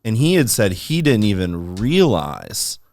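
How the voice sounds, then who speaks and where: A man's voice: fairly low pitch, big pitch swings, measured pace, a little mellow, slight background noise. A man co-hosting a podcast, enthusiastic and chatty, often restarting his sentences. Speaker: podcast co-host. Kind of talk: casual interview chat.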